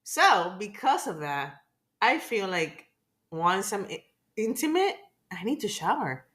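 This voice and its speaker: A woman's voice: medium pitch, very animated, unhurried, fairly bright tone. Hiccuping, self-conscious woman co-host. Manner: self-conscious, apologetic, laughing. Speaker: podcast co-host. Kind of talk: candid casual chat.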